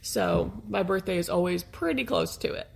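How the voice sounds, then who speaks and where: A woman co-hosting a podcast in casual chat, hoarse and congested, talking frankly and laughing often. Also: fairly low pitch, normal speed. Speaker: podcast co-host.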